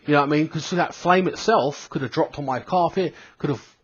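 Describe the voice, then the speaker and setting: A man's voice: on the high side, fairly quick, breathy edge. A thirty-year-old British man with a British accent, telling a rambling, sweary story in a casual vlog, full of fillers and restarts. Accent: British English. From Britain. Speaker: gaming vlogger. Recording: dull lo-fi home recording.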